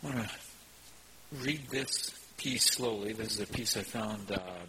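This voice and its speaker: A man's voice: lowish voice, pushed and bright, rough recording. Earnest preaching man, faint hiss. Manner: earnest, measured teaching with scripture readings. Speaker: pastor. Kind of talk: sermon.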